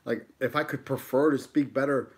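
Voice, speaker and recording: A man in his thirties talks easily to a small live audience between bites. He is laid-back and joking, with casual swearing, and his voice sits in a medium pitch for a man. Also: fairly even intonation, moderate pace. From United States. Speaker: mukbang YouTuber. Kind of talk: casual live-stream chat while eating.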